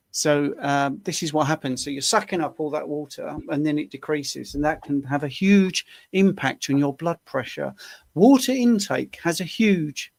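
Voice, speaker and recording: A man's voice: medium pitch, vocal fry, no echo, clean studio sound. A man in his sixties on a video call, explaining at length in a rambling, anecdotal way as co-host of a live Q&A. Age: 60s. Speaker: co-host answering questions. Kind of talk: casual live Q&A chat.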